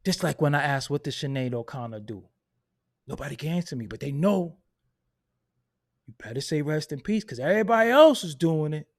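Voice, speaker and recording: A man hosting a hip hop commentary channel, delivering a loud, profane, unfiltered rant and laughing at his own points. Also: a little high, expressive, a little fast. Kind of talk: unfiltered ranting monologue.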